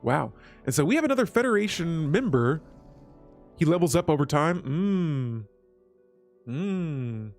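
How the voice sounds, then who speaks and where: A man's voice: a little high, big pitch swings, unhurried, pauses often, darkish tone, faint music behind. A man hosting a strategy game let's play, chatting casually with his viewers as he clicks through menus. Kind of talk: gameplay commentary.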